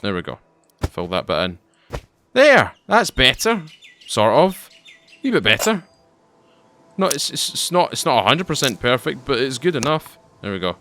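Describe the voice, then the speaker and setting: A man's voice: mid-range voice, sing-song, moderate pace, bright, forceful tone, slight background noise. A man with a Scottish accent giving casual, rambling commentary to his viewers while playing a game, often repeating and restarting his phrases. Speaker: gaming YouTuber.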